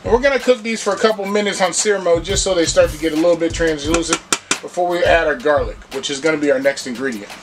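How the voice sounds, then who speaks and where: A man's voice: fairly high pitch, fast talker, over music. A man hosting a home cooking show, chatting casually and walking viewers through each step in his kitchen.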